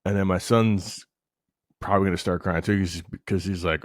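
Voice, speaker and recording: A man in his thirties co-hosting a podcast, telling stories in profane, rambling, animated casual banter. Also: sits low, normal speed, no room sound, studio quality. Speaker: podcast co-host.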